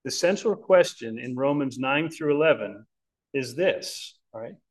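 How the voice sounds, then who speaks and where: A man's voice: mid-range voice, expressive, a little slow, poor audio. A man preaching a Bible-teaching sermon in an earnest, emphatic way, often checking in with listeners.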